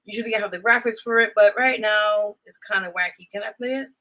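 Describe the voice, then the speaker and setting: A young woman hosting a live radio show, talking quickly in a loose, rambling way and laughing often between remarks. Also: mid-range voice, pushed and bright. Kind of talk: casual live-show chat.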